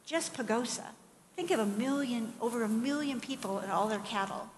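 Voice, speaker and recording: Woman pastor, middle-aged, fairly high voice, chatty animated sermon delivery, echoing hall, faint hiss behind. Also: normal speed. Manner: conversational, animated, with asides and acted-out quotes. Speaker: preacher. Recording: long hall reverb, faint background noise.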